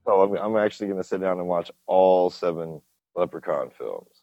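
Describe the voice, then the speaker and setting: A man's voice: low voice, normal speed, warm tone, no room sound, highs cut off. A man co-hosting a movie podcast, talking bluntly and enthusiastically and swearing freely. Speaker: podcast co-host. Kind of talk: casual chat.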